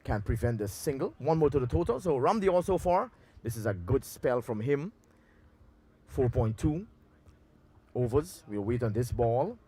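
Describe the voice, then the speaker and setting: A man giving live commentary on a local cricket match outdoors, in a loose, relaxed delivery with pauses and fillers. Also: medium pitch, breathy edge. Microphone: handheld mic through a loudspeaker.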